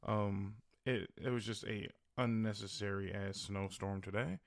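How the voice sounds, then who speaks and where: A worn-out man from the American Midwest rants on his podcast late at night, swearing freely and laughing through his complaints. His voice sits low with a gravelly fry. The sound is close and dry, with no room around it. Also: steady tone, measured pace, no room sound. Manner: profane, exasperated, laughs often. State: tired. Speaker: podcast host. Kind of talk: casual solo rant.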